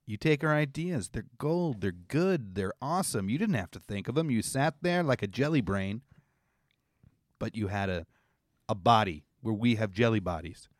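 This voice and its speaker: Joking man with a lively, bouncing voice. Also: fairly low pitch, no room sound, studio quality. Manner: joking, quick interjections. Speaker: podcast co-host. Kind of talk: casual banter. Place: basement studio. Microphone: large studio microphone.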